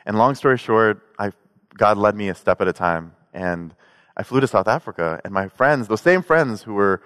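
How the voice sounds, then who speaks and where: A man giving a sermon in a relaxed, conversational way, mixing in jokes and personal stories. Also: fairly low pitch, moderate pace, clear, resonant tone. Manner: conversational, joking storytelling. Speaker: pastor. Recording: long hall reverb.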